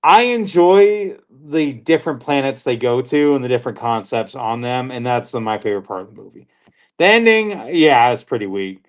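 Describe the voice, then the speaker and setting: A man co-hosting a movie chat, measured and analytical, hedging his points. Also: mid-range voice, big pitch swings. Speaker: movie podcast co-host. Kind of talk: casual chat.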